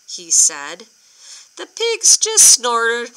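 Expressive woman reading to children. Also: high voice, extremely slow, smooth, low-quality recording. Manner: expressive, asks children questions. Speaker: storyteller for children. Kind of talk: children's picture-book read-aloud.

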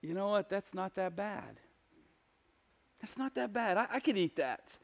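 A man's voice: high voice, expressive, unhurried, vocal fry, exaggerated voice. A man voicing a brash young man who demands his inheritance early, impatient and pleading. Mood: desperate.

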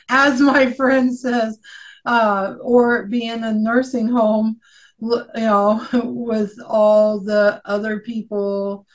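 A woman's voice: a little high, level tone, poor audio. A middle-aged woman chatting casually, telling stories and laughing often. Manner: slow, laughing, anecdotal. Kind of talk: casual chat.

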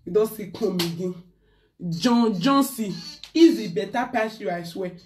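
A woman's voice: medium pitch, expressive, measured pace, darkish tone, recorded from a distance, a little hiss or hum. Ranting Nigerian woman live-streaming. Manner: talkative, ranting, mixing pidgin into English. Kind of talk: casual live-stream rant.

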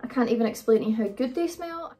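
Fairly high-pitched and mellow, this British vlogger talks fast with lively intonation while chatting through a haul, rambling and filling gaps with ums. She's somewhat distant from the mic, and faint music plays.

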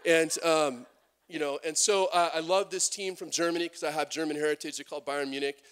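Guy pastor giving a lively sermon, lots of restarts, acts out quotes, high-ish voice. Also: a little fast, clean tone. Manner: animated, many restarts and acted-out quotes.

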